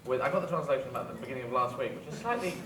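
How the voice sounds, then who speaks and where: A man's voice: mid-range voice, animated, rapid-fire. A British man doing live stand-up, rambling and self-mocking as he stumbles through broken French. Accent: British English. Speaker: stand-up comedian. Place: packed club with a live audience. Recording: roomy club from far off, loud crowd and noise.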